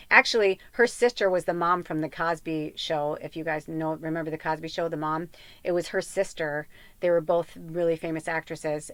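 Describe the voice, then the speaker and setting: A middle-aged woman with a lowish voice and a fairly bright tone hosts a casual tarot reading podcast, recorded dry. She reads tarot and talks in a rambling, heartfelt way, full of fillers and asides.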